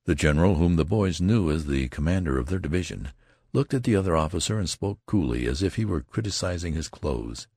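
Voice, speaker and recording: Male narrator, deep voice, lively pitch, dry close sound, audiobook. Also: fairly quick, breathy edge, dry recording. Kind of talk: audiobook reading of a classic novel.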